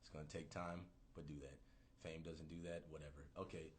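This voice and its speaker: A man in his thirties ranting casually on a livestream, profane, rambling and animated. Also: a bass voice, fairly quick, heavy background noise. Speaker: livestream host.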